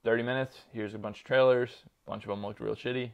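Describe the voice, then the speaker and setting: Man, casual podcast chat, mid-pitched voice, rambling, filler-heavy, swears. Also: steady tone, quick pace, vocal fry. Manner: rambling, lots of "like" and laughter, swears freely. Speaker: podcast co-host.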